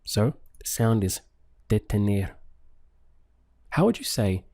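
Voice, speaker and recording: A man teaching a language lesson, patiently repeating phrases and pausing for the listener to answer. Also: fairly low pitch, sing-song, creaky, a little mellow. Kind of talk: paced language lesson with pauses for practice.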